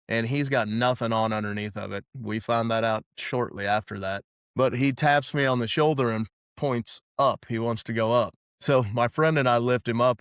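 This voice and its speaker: A man's voice: mid-range voice, smooth, dry recording, studio quality. Profane, rambling man telling stories. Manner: rambling, profane, restarts a lot. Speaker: podcast host. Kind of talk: casual storytelling chat.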